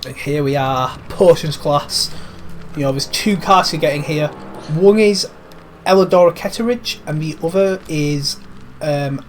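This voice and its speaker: A man's voice: fairly high pitch, unhurried, a little hiss or hum. A man with a cold, giving cheeky, rambling let's-play commentary over a video game. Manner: cheeky, rambling, swears lightly. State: has a cold. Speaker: gaming commentator.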